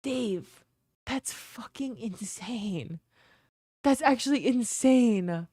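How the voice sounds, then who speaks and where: A young woman hosting a live stream, chatting excitably with her viewers, swearing freely, and thanking them for gifts. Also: fairly high pitch, slow, no echo, clean studio sound. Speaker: livestream host. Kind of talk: casual stream chat.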